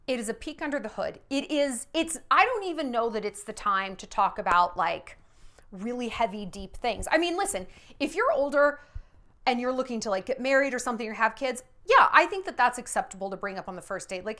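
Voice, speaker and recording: A woman's voice: a little high, sing-song, moderate pace, sharp tone. A woman in her thirties giving blunt, sassy dating advice straight to the viewer, acting out quoted voices with big swings. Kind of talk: direct-to-camera advice talk.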